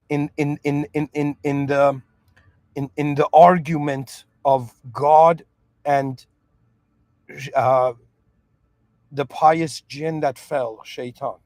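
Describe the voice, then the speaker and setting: A man's voice: on the high side, fairly even intonation, slow, long pauses, darkish tone, no echo. A man who moved to Canada as a child, talking earnestly in a reflective monologue, restarting often and checking that the listener understands. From moved to Canada at seven. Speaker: podcast host.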